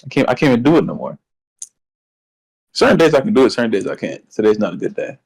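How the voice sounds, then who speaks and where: Excitable man with a slight lisp. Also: medium pitch, fast talker, creaky, husky, poor audio. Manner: excitable, rambling, repeats words when worked up. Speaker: podcast co-host. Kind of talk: casual wrestling chat.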